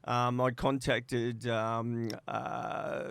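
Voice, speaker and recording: Australian man telling lively stories. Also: medium pitch, very slow, creaky, smooth, no echo. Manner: lively anecdote teller who acts out quoted voices. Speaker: interview guest, former player agent. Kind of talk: animated storytelling in a podcast interview.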